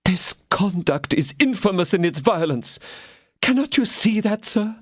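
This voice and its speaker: A man's voice: lively intonation, measured pace, husky, no room sound, clean studio sound, heavily acted. A man reading an audiobook, voicing an outraged queen in a raised, indignant voice. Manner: pleading, indignant, raised high voice. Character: proud outraged queen, a woman.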